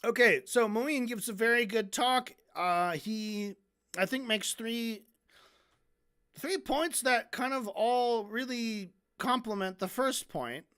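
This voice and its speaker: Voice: medium pitch, slow, fairly bright tone, clear, resonant tone. A stream host going over a debate in casual, sarcastic commentary. The host swears freely and mocks the debaters by acting out their lines, and sips coffee between points. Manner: sarcastic and heavily profane; drinks coffee between remarks.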